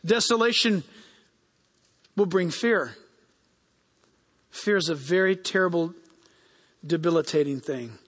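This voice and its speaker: A man preaching a sermon as pastor, animated and acting out the people he quotes. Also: a little high, takes it slowly, long pauses. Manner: animated, acts out quoted people in raised voices. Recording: long hall reverb.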